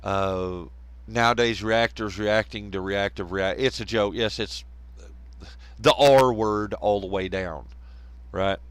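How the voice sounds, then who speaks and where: A man's voice: lowish voice, steady tone, slow, smooth, no room sound. A man hosting a casual live stream, rambling, laughing often and bantering with viewers in chat.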